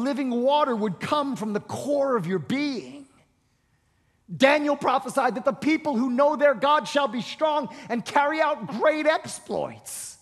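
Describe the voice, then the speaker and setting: Man preaching, very high voice, emphatic and repetitive, long hall reverb. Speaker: pastor. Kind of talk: sermon.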